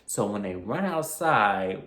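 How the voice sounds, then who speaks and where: A man reviewing a horror film in a casual vlog, retelling the plot in a slangy, animated way. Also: on the low side, takes it slowly. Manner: slangy, animated storytelling with acted quotes. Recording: roomy echo.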